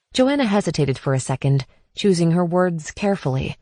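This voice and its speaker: A woman narrating a post-apocalyptic audiobook in a measured, even reading. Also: on the low side, no room sound. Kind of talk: scripted narration.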